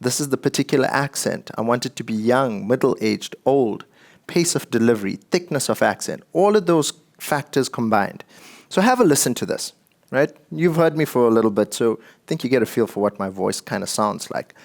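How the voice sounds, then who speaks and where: A man's voice: mid-range voice, lively intonation, normal speed, creaky. Man giving a chatty tech talk. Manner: conversational and joking, addressing the audience. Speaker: conference speaker.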